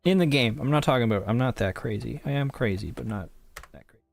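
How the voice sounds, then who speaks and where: A man's voice: mid-range voice, fast talker, gravelly, no echo, soft background music. A man giving casual, rambling let's-play commentary with wry, self-mocking jokes. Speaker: gaming YouTuber.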